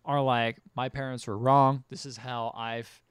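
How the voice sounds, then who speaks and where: Smooth-voiced man recapping a film. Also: mid-range voice, a little slow, dry recording, clean studio sound. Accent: American. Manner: animated retelling with quoted character lines. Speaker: podcast co-host. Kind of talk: casual chat, recapping a film.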